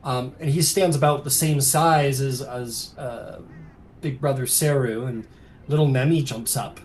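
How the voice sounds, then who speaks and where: A man narrating a tabletop game as game master, soft-spoken and rambling with many fillers. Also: medium pitch, steady tone, unhurried, a little hiss or hum.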